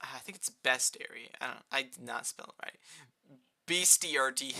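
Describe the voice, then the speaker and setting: A young man chatting casually on a live gaming stream, rambling and answering chat, with a fairly high-pitched voice and keyboard clicks near his desk mic. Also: normal speed, creaky. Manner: rambling, answers chat, rising excited outbursts.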